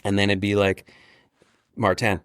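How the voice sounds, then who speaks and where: A man's voice: on the low side, monotone, measured pace, fairly bright tone, clean tone, no room sound. Male podcast guest, rambling storyteller with restarts and swearing, close dry mic. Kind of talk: casual storytelling.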